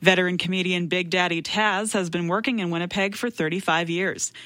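Woman news reporter, bright tone, crisp read. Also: on the low side, steady tone, a little fast, no echo, studio quality.

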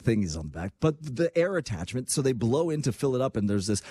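A man hosting a radio talk show, talking in an energetic, rambling way. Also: medium pitch, quick pace, breathy edge, no echo, clean studio sound. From Canada. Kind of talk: fast casual radio talk.

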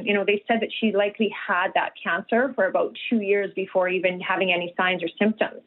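A middle-aged woman from Canada, a nutritionist talking earnestly as an interview guest over the phone, with many restarts and fillers. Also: mid-range voice. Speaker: guest, nutritionist and health coach. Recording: tinny phone line.

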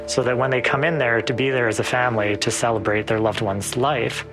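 Earnest police officer explaining. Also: male voice, medium pitch, fairly even intonation, brisk, music in the background. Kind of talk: documentary interview.

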